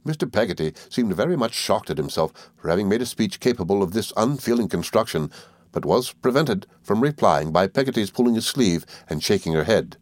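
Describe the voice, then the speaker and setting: A man reading a classic novel aloud as narrator, in a measured storytelling manner. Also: fairly low pitch, lively intonation, no room sound.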